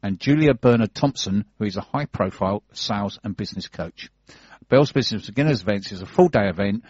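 A man with a London accent reads business event listings on a radio show, keeping it chatty and joking. His voice sits low and husky. The studio sound is dry and a little dull. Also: animated, fairly quick, a little mellow, no room sound. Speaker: radio co-host reading business news. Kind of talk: casual radio chat and listings reading.

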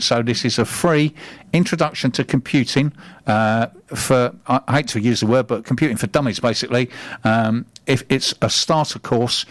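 A man's voice: mid-range voice, normal speed. A man hosting a casual local radio show, reading out listener tweets with jokey asides and stumbling restarts.

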